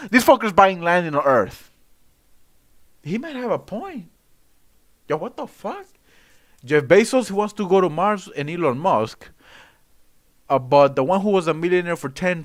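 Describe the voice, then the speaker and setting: A man's voice: on the high side, lively intonation, a little slow, long pauses, no room sound. A man hosting a casual political livestream, talking in a rambling, profane, slang-heavy way, and reading news aloud in between.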